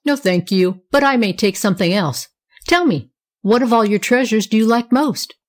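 A woman's voice: fairly high pitch, moderate pace, close to an everyday voice. Woman reading as a cracked old fairy godmother. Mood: solemn. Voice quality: cracked, wavering. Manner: stern, testing.

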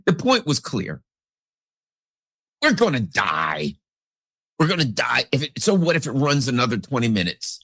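A man's voice: medium pitch, sing-song, a little slow, pauses often, fairly bright tone, dry recording, clean studio sound. A man delivering a rambling, sarcastic political commentary monologue as host.

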